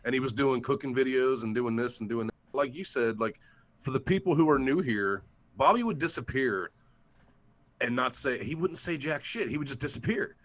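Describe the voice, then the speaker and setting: On a headset or desktop mic, a man appears as a guest YouTuber on a livestream call-in show. He speaks at normal speed in a mid-range, fairly bright voice, recounting a story in a casual, blunt way loaded with profanity.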